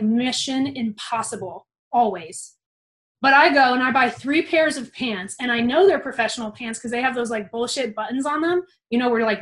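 A young woman tells a personal story with animated, casual energy and a freely swearing mouth. Her voice sits high, and her telling swings between quiet asides and vivid bursts. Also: low-quality recording.

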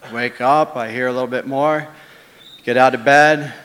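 Bright-voiced man telling a story. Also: mid-range voice, fairly even intonation, normal speed, big-room sound. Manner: swings between hushed asides and loud dramatic beats. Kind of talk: live first-person storytelling.

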